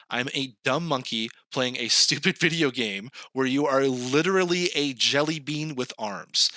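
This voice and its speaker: A man's voice: fairly high pitch, pushed and bright, dry recording. A man co-hosting a casual podcast, ranting comically, acting out quoted voices and laughing mid-sentence. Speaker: podcast co-host. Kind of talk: casual comedic rant.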